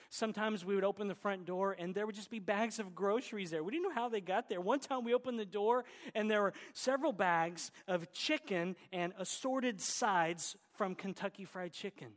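Pastor, man, middle-aged, Oklahoma accent; light higher voice, earnest and folksy; big reverberant sanctuary sound. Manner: earnest, exhorting, folksy asides. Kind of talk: sermon.

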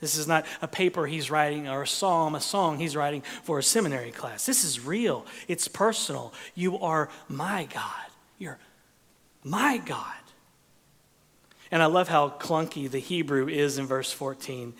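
A man preaching a sermon as pastor, expressive, dropping to whispers and rising for emphasis. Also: fairly high pitch, moderate pace, hardly any pauses, long reverb tail.

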